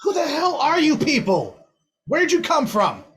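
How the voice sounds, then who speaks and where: A man's voice: very high-pitched, huge pitch swings, a little slow, a bit bright, voice pushed up, full character voice. A man playing a fierce Viking chieftess. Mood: demanding. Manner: gruff, barking demands.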